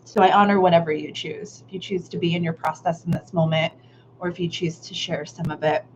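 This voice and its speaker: A woman's voice: lowish voice, steady tone, fairly quick. Woman facilitator, casual and encouraging, live-stream sound with a dull, muffled edge. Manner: warm, affirming, casual with Southern "y'all"; laughs often, candid with occasional swearing. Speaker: workshop facilitator. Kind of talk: live online art workshop, reading chat comments. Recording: slightly dull live-stream audio with faint noise.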